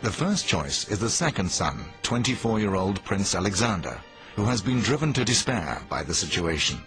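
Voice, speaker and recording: Lowish, lively male documentary narrator over a music bed. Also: normal speed. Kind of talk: scripted narration.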